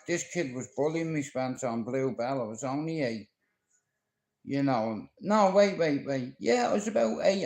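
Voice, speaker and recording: A Dublin man pours out a rambling, foul-mouthed livestream monologue that swings between threats and memories. His voice sits a little high. It rings around an echoey room, with faint music underneath. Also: a little mellow. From Ireland. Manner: profane, confrontational, storytelling. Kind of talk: rambling live-stream monologue.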